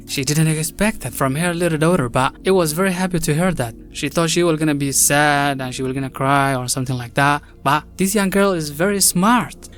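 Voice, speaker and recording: A man's voice: fairly high pitch, a little fast, hardly any pauses, a bit bright. A man casually narrating a true-crime story, chatting directly to viewers with loose, non-native phrasing. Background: faint background music.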